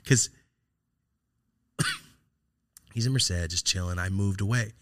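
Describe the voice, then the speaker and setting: Taking it slowly, a podcast host with a somewhat low voice works through a personal story in casual, reflective chat. He swears freely and keeps trailing into fillers and restarts.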